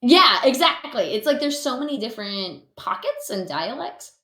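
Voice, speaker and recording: A woman's voice: a little high, big pitch swings, normal speed, sharp tone, roomy sound. An American woman, a voice actor, chatting casually as a podcast guest, giggling often and restarting her sentences. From United States. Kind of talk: casual chat.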